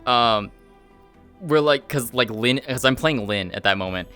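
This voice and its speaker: A man's voice: mid-range voice, lively intonation, a little slow, pushed and bright, clean tone, soft background music. A male streamer chatting casually about a role-play game, rambling and swearing as he retells scenes. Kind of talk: casual chat.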